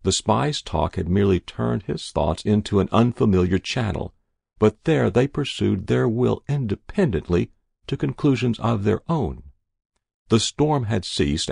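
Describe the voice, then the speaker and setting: A man reads a classic story aloud in a measured, deliberate way. His low voice is very gravelly. The recording is dry and close. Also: darkish tone, no room sound. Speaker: narrator. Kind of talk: audiobook reading of a classic story.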